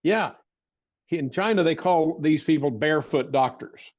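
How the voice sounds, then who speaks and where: An older man telling a personal story as an interview guest, with rambling restarts and frequent throat clearing. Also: fairly high pitch, moderate pace, darkish tone, muffled recording. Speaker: interview guest, martial arts teacher.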